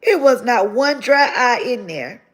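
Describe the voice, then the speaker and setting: A woman, telling her own story to her viewers in an animated, repeating way that turns tearful. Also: a little high, a little slow. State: tearful near the end. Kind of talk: emotional testimony to viewers.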